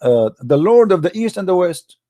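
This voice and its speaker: A man's voice: sits high, very animated, normal speed, dark tone, no room sound. A man hosting a heated religious debate, arguing insistently in broken English. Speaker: host debating a caller.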